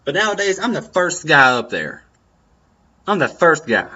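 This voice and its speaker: Young man, earnest, encouraging, repetitive, bright tone, muffled lo-fi audio. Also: a little high, sing-song, normal speed, slightly rough. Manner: earnest, encouraging, repeats phrases. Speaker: vlogger. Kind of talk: personal advice talk. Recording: dull lo-fi sound.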